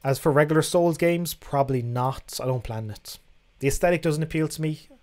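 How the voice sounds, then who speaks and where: A man's voice: fairly high pitch, brisk, a little mellow. A young man hosting a casual livestream, reading out viewer questions and answering them in a frank, chatty way that includes casual swearing. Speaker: livestream host.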